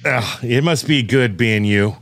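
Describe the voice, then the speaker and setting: A man's voice: medium pitch, measured pace, fairly bright tone, slight background noise. A man from Southern California hosting a podcast, asking easygoing, jokey questions. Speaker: podcast host. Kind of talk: casual interview chat.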